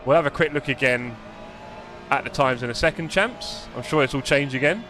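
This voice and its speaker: A man's voice: mid-range voice, a little fast, sharp tone, soft background music. A man, live-streaming a sim race with chatty, jokey commentary and muttering while he adjusts his car setup.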